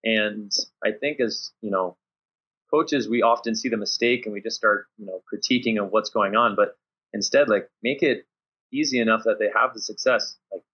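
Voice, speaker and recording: A volleyball coach talks casually in an interview, his voice somewhat low and husky. He tells stories with energy, putting on quick voices for his players and himself. The recording sounds muffled and lo-fi. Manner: animated storyteller acting out his players and himself. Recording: dull lo-fi audio.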